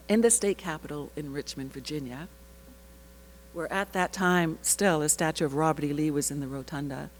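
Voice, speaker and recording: An actress telling an animated personal story at a panel, laughing often and breaking off into asides. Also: female voice, low voice, a little hiss or hum, rough recording. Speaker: actress sharing her research story.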